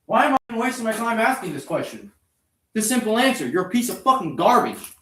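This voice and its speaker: Man, angry profane rant, sarcastic, high voice, roomy echo. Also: big pitch swings, brisk, a bit bright. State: out of breath. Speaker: vlogger working on a motorbike. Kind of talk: ranting to the camera while wrenching.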